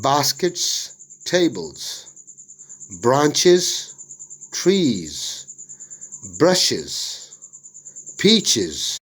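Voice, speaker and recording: A man with a Pakistani English accent, a teacher reading out an English worksheet lesson slowly and deliberately, word by word. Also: fairly high pitch, huge pitch swings, a bit bright.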